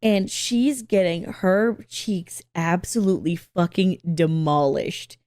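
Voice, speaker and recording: A woman hosting a video reaction, chatting casually as an animated storyteller who laughs often and swears freely. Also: lowish voice, slow, no room sound, clean studio sound. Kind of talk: casual chat.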